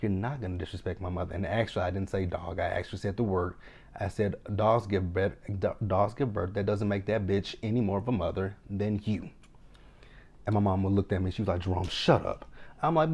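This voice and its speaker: A young man with a low, mellow voice talks straight to his viewers in a casual recap vlog. He tells stories with lots of acted-out quotes and quick asides. The delivery is loose and chatty, with a relaxed, warm tone. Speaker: reality TV recap vlogger.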